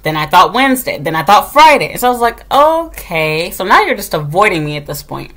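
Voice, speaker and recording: A woman's voice: lowish voice, fast. Blunt, profane woman venting. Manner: animated, gets loud when retelling scolding. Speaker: substitute teacher. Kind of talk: casual storytelling rant to camera.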